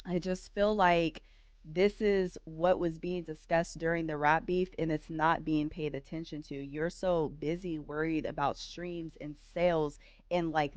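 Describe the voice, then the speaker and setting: Woman host, casual stream rant, rhetorical and animated, dry close mic. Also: lowish voice, no room sound, muffled recording. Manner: animated ranting, rhetorical questions.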